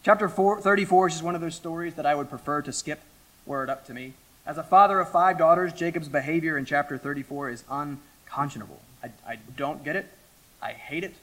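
A middle-aged man preaching an expository sermon to his church, emphatic, with dramatic pauses and sudden drops from loud to hushed. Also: on the high side. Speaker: pastor.

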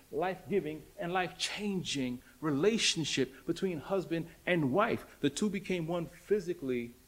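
A man preaching with emphasis, his voice sitting a little high for a man. He swings from loud declarations down to near-hushed lines and drives home points with repeated rhetorical questions. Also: husky. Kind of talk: sermon.

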